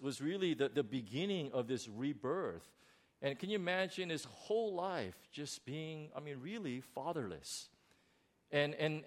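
A middle-aged man, a pastor, telling a personal story in a sermon, animated and full of restarts. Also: a little high. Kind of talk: sermon testimony.

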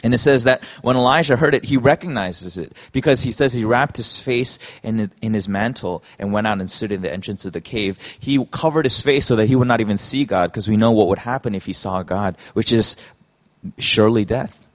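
A man preaching a sermon in an earnest, halting way, often restarting his phrases. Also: on the low side.

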